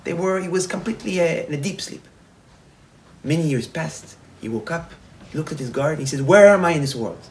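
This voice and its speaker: Rabbi retelling a parable. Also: male voice, a little high, brisk, poor audio. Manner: animated retelling with repetitions. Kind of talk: sermon storytelling.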